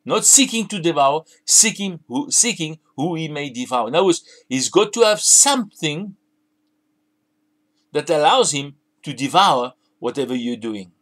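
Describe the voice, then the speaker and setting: A man preaches a sermon with a voice sitting a little higher than most men's. He presses his points emphatically, circling back and repeating phrases as he goes. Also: big pitch swings, moderate pace, fairly bright tone.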